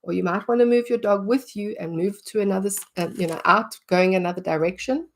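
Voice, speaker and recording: A woman's voice: medium pitch, brisk, slight background noise. A middle-aged woman, teaching about dog behaviour in a casual way and acting out what she would say. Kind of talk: conversational teaching talk.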